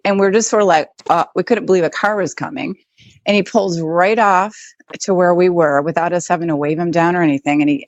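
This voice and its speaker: Brief: American woman guest, very low pitch, dry close sound, casual chatty storytelling. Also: dry recording. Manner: chatty, with many likes and restarts. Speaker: interview guest.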